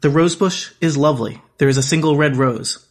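A man acting as game master, narrating a text adventure aloud in plain, measured parser-style lines. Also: fairly high pitch.

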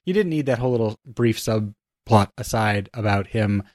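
A man's voice: on the low side, normal speed, a little mellow, no room sound, clean studio sound. A man co-hosting a casual film podcast, speaking thoughtfully and hesitantly as he critiques scenes. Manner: hesitant, many fillers and restarts, thoughtful. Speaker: podcast co-host.

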